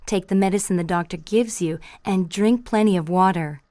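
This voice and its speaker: A woman reading a mother's lines in a scripted practice dialogue, calm and careful. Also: medium pitch, normal speed, no room sound.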